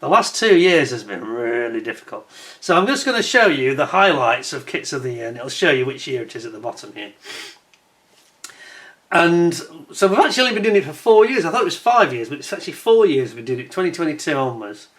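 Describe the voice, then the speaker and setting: A man's voice: fairly high pitch, sing-song, a little fast, a bit bright. A man hosting his own channel in casual chat to camera, chatty and self-deprecating, and he laughs often. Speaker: scale-model channel host.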